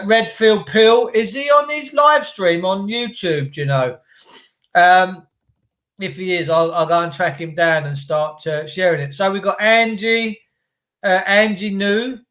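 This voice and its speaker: Excitable man, chatty live streamer. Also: sits high, poor audio. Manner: chatty, excitable, greets viewers by name. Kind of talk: casual live stream commentary.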